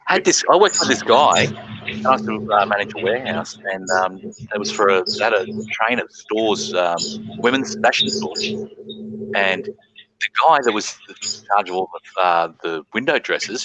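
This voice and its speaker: A man's voice: lowish voice, lively intonation, normal speed, noisy background. A man hosting a casual live-stream panel chat, telling profane stories and laughing as he talks. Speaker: panel host.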